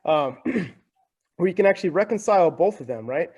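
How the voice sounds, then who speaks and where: A talkative young man speaking as a podcast guest, his voice sitting a bit higher than most men's. He explains in a loose, conversational flow and keeps checking in with "right?" between points. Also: animated, fast, darkish tone, husky. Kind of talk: casual explanatory talk.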